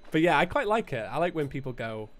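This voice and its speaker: A man's voice: fairly high pitch, sing-song, normal speed, soft background music. A British man hosting a live gaming stream, chatting casually, laughing often and acting out what other people say. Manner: laughs often, acts out others in quoted asides.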